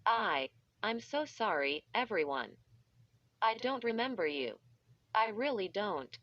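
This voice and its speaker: A woman's voice: mid-range voice, sing-song, takes it slowly, fairly bright tone, no echo, full character voice. A woman's voice, likely synthetic, reading the lines of a frightened, confused young boy who pleads in distress. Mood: pleading. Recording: dull lo-fi.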